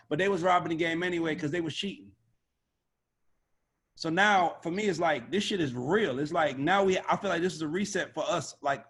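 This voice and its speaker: A man speaking on a video call as an A&R panelist, blunt, profane and animated in a casual panel discussion. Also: high voice, breathy edge. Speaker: record label A&R panelist.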